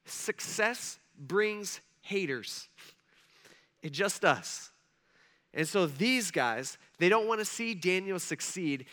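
A young man preaching a casual sermon, telling stories in a chatty, animated way with lots of fillers. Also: sits high. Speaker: pastor.

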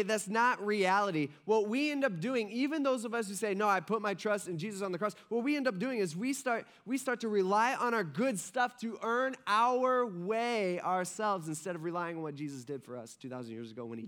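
Man preaching a sermon, high voice, conversational, frequent check-ins with the crowd. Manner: conversational, frequent "right?" asides; acts out quoted voices, drops soft and low for emphasis. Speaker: pastor.

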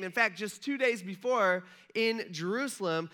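Bright-voiced man preaching animatedly. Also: sits high, normal speed. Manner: animated storytelling, acting out quoted voices. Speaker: pastor. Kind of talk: casual sermon.

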